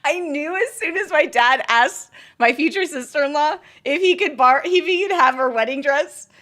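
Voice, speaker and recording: A woman streamer chatting casually, telling a story in an excitable, giggly way. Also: high voice, moderate pace. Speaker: game streamer. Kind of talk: casual chat.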